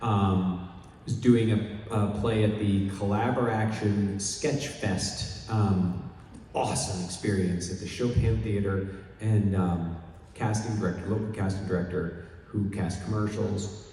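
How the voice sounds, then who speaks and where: A middle-aged man from Chicago, a panel guest telling animated anecdotes and acting out other people's lines. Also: fairly low pitch, measured pace, slight background noise. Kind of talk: storytelling at a convention panel. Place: large convention hall. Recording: echoey hall, mic heard from far off.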